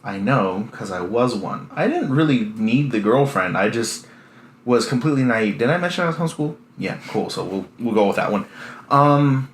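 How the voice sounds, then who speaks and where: A man in his early twenties with a deadpan, self-deprecating way of rambling through a casual comedic monologue. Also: mid-range voice, moderate pace. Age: early 20s. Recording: echoey room with faint hiss.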